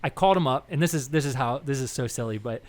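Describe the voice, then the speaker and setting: A young man co-hosting a podcast, telling stories in a rambling, animated way and acting out the people he quotes. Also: mid-range voice, quick pace. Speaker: podcast co-host. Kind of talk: casual political chat.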